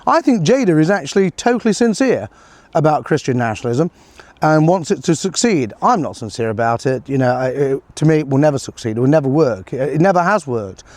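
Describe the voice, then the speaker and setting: A man's voice: a little high, sing-song, a little fast, darkish tone, dry recording. A middle-aged man giving a sarcastic, rambling political commentary, full of fillers and chuckles. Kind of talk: casual solo commentary.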